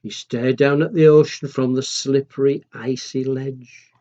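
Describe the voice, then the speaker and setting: Slow, gentle storyteller man. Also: medium pitch, steady tone. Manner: gentle and chatty, asks the children questions. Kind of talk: children's picture-book reading. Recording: dull lo-fi recording.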